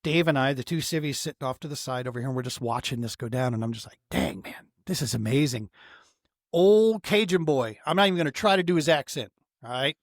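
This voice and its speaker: A man's voice: a little high, expressive, quick pace, dry recording, studio quality. A middle-aged man telling a heartfelt story as a podcast guest, earnest and emotional, often saying "man" and restarting his sentences. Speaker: podcast guest, outdoor therapy founder. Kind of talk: casual storytelling in a podcast interview.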